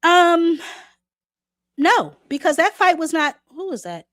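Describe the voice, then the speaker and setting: A woman's voice: very high-pitched, big pitch swings, slow pace, a bit bright, dry recording, studio quality. Sassy woman host with a sore throat. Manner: blunt, sassy, talks back to chat. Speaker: boxing show host. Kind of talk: live-stream commentary.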